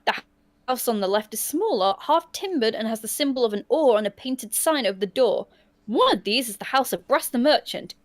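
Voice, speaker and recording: A woman hosting a livestream, reading a choose-your-own-adventure book aloud in an animated way and often laughing. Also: on the high side, a little fast. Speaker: storyteller and host.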